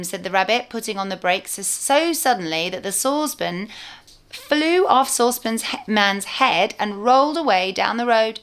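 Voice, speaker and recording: A woman reads a storybook aloud to young children, clear and expressive as a teacher. Her voice moves a lot in pitch, keeping the story lively. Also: moderate pace.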